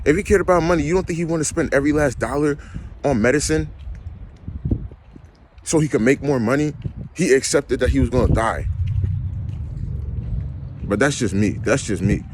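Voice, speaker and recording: A man's voice: mid-range voice, normal speed, long pauses, noisy background. A young man, ranting emphatically and repeating himself in a vlog. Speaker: vlogger. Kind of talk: ranting monologue.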